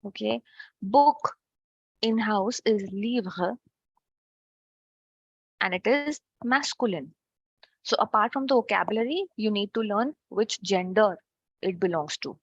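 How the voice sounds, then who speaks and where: A woman's voice: medium pitch, animated, moderate pace, dry recording. Woman teaching an online language class. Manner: explains step by step with frequent "okay" checks. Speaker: French teacher. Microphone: video call. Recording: dull lo-fi online call audio.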